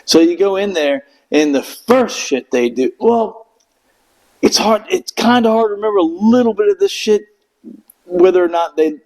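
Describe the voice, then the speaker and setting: A man's voice: high voice, expressive, moderate pace, darkish tone, low-quality recording. A middle-aged man telling a rambling, profane story in casual chat, acting out quotes in raised voices. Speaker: Marine veteran guest.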